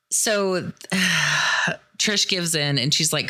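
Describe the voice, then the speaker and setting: Podcast host, woman, Midwestern American accent, slightly low but bright voice, loose chatty recap style. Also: a little slow. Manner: chatty, lots of "like" and "dude", gets loud and excited. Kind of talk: casual movie recap commentary.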